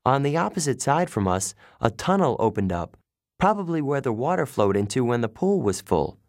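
A man narrating a first-person audiobook in an expressive, wry storytelling manner from a recording booth. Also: medium pitch, moderate pace, no echo, clean studio sound.

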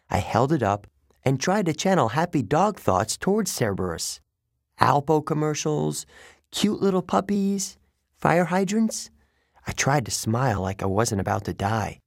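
A man narrating a first-person story as an audiobook reader, in an expressive storytelling manner. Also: medium pitch, gravelly, no echo, studio quality.

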